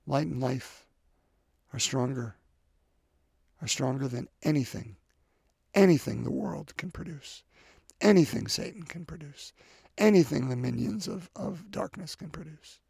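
Gravelly-voiced male preacher. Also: medium pitch, no room sound, studio quality. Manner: earnest, repeats phrases, swings between loud and soft. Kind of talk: sermon.

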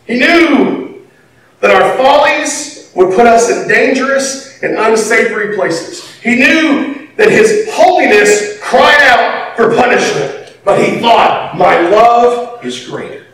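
A man preaching a sermon, animated, swinging from quiet to shouting and laughing between lines. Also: extremely high pitch, slow. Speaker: pastor. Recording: echoey hall from far off, faint background noise.

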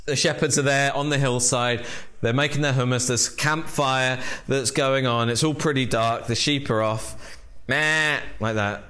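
A man preaching a sermon as pastor, emphatic, with rhetorical questions and dramatic pauses. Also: medium pitch, steady tone, a bit bright.

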